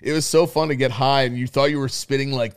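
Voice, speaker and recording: A man's voice: medium pitch, quick pace, clear, resonant tone. A man in his thirties co-hosting a podcast, telling loose, profane stories and acting out his friends' lines. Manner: animated storyteller, swears freely, acts out friends' lines. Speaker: podcast co-host. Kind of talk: casual chat.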